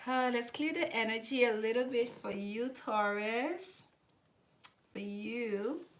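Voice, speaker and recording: A woman's voice: a little high, slow pace. Chatty woman reading tarot live. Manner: chatty, repeats herself, warm thanks to viewers. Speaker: tarot reader.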